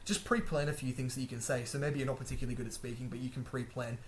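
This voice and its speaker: A man's voice: medium pitch, steady tone, quick pace, hardly any pauses, a little hiss or hum. A young man hosting a language-learning video, talking casually to camera, chatty, laughing often and correcting himself as he goes.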